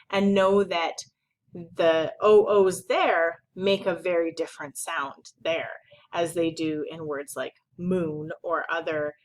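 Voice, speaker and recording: A woman's voice: on the low side, low-quality recording. A young woman teacher patiently explaining a phonics spelling sort, stretching out vowel sounds to model them.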